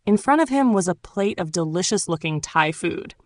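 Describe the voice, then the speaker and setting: A woman reads her own memoir aloud, unhurried and reflective. Her voice sits on the lower side, and the audiobook recording is close and dry, with no room sound. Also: dry recording. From Turkey. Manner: calm, reflective storytelling.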